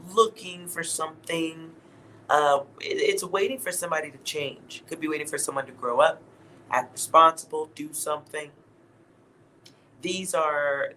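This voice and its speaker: Bright-voiced man giving a slow tarot reading. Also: a little high, slight background noise, poor audio. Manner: loose, blunt, laughs at himself, swears. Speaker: tarot reader. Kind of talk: casual tarot reading to camera.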